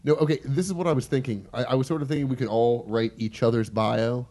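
A man co-hosting a podcast in casual chat, jumping in with quick jokes. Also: mid-range voice, fairly even intonation, warm tone. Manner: quick joking interjections. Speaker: podcast co-host.

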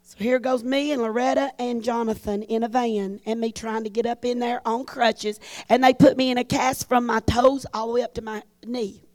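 A woman's voice: a little high, steady tone, normal speed, darkish tone, no echo. A woman preacher, telling a folksy testimony in a sermon and acting out the voices of people in her story.

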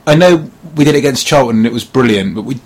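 Man, husky voice, fast, wry football podcast banter. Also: mid-range voice, animated. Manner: wry, dry humor. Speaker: podcast co-host. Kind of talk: casual football chat.

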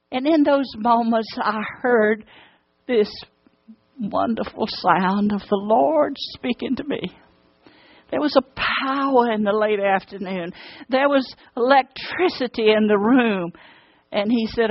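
Southern woman from Alabama, slow and earnest testimony, dull dry lo-fi sound. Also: fairly high pitch, dry recording. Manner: earnest storytelling, drawn-out pauses, fervent pleading in prayer. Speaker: speaker sharing a personal testimony. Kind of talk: emotional personal testimony.

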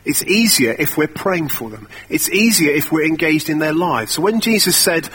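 A man's voice: a little high, animated, moderate pace, hardly any pauses, a bit bright, breathy edge. A young man preaching a sermon in a conversational, self-deprecating storytelling way.

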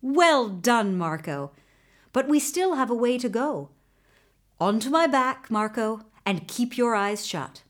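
A woman voicing a calm, commanding magical male horse in a storybook reading, giving steady instructions. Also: a little high, slow. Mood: calm guiding.

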